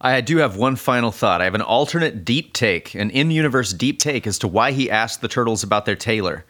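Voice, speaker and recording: A man guesting on a podcast, calmly laying out a theory step by step. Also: medium pitch, brisk. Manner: deadpan, explains a theory step by step. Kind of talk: casual chat.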